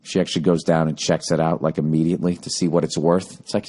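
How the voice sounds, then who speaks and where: A man's voice: rumbling low, level tone, fast talker, darkish tone. A man in his forties with a Boston accent, hosting a casual solo podcast, reading listener emails and ranting with profane, sarcastic asides. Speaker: podcast host.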